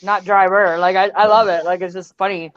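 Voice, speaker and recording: A woman's voice: medium pitch, steady tone, fairly quick, muffled recording, noisy background. A woman hosting a live stream, giggly and easily amused in casual chat.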